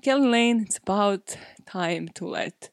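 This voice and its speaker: Woman podcast host, casual true crime chat, mid pitch, dry close mic. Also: lively intonation, a little slow, dry recording. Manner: casual, candid, peppered with "like" and swearing.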